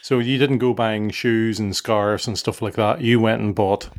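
A man's voice: lowish voice, steady tone, moderate pace. A middle-aged man, hosting a casual family podcast, chatty and full of questions. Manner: chatty, asks questions, restarts sentences. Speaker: podcast host.

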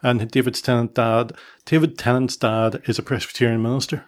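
A man's voice: mid-range voice, level tone, brisk. A middle-aged man, hosting a casual family podcast, chatty and full of questions. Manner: chatty, asks questions, restarts sentences. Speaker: podcast host.

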